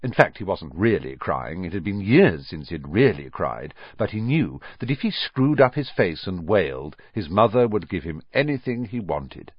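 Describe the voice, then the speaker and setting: Man narrator, expressive audiobook read, husky, dry dull sound. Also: deep voice, moderate pace, few pauses, dry recording. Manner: expressive, lively storytelling.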